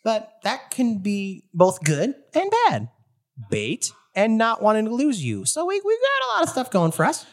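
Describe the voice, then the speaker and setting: Animated game master voicing many characters. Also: medium pitch. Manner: quick voice switches between narration and characters. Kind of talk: narrating a tabletop game.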